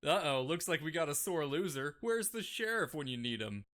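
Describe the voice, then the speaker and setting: Male comic narrator with a bright, sarcastic read. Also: fairly high pitch, big pitch swings. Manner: sarcastic, quick comic delivery. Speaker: narrator of animated history comedy. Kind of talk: scripted comedic narration.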